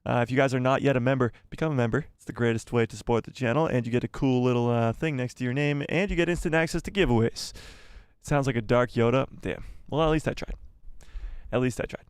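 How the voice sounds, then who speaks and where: A man's voice: mid-range voice, fast, smooth, no room sound, studio quality. A man hosting a live fan stream, chatting casually in a rambling, self-deprecating, joking way. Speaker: host of a live fan show.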